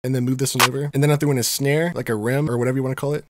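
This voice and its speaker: A man's voice: medium pitch, steady tone, very fast, heavy background noise. A man casually explaining how he builds a beat, in a laid-back way with lots of fillers and slang. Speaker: beat-making tutorial host. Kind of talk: casual screen-recorded tutorial. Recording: music playing clearly behind voice. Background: beat music.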